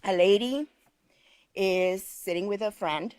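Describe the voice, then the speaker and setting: A woman's voice: medium pitch, slow, a little mellow, clean tone, no echo. A woman leading a teacher training class, talking conversationally and often checking in with "okay?" while she tells stories. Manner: conversational, frequent "okay?" check-ins, storytelling. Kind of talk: live online class instruction.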